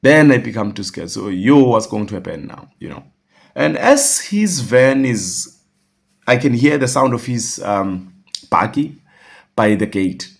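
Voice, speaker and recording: A man's voice: medium pitch, big pitch swings, unhurried, creaky, slightly rough. A man telling a personal story, rambling, with restarts and quoted dialogue. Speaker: vlogger.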